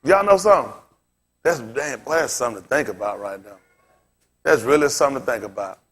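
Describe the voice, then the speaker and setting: A pastor, male, gives an informal sermon-style Bible teaching with a brisk pace, a mid-range, slightly bright voice and lively intonation. His phrasing stays casual as he repeatedly quizzes his listeners with rhetorical questions.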